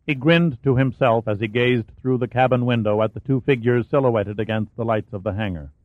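A man narrating an audiobook thriller in a steady storytelling manner. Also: medium pitch, fairly quick, no room sound. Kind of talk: scripted narration. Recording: dry, phone-like narrow sound.

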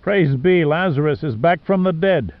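A man's voice: fairly high pitch, expressive, moderate pace, dry recording, voice pushed up. Guy doing a dry sarcastic sidekick, kinda mutters, dull-ish recording. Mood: relieved joking. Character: wisecracking sidekick man, dry sardonic humor.

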